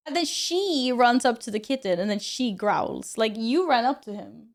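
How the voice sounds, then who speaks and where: A young woman chats on her stream in a relaxed, casual way, her voice a touch higher than most. She laughs often and breaks into quick exclamations as she talks with her viewers. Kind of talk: casual chat, reading chat and commenting on her cats.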